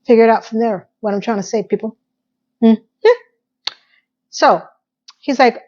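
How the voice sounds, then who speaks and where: A woman's voice: a little high, fairly even intonation, unhurried, long pauses, darkish tone, lo-fi sound. A woman chatting casually to her viewers as she recaps a TV episode, sassy and direct.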